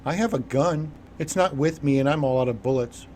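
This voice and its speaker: A man's voice: fairly high pitch, fairly quick, a little mellow, a little hiss or hum, close to an everyday voice. A man voicing a frightened, scruffy lone male survivor who stammers nervously. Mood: eager.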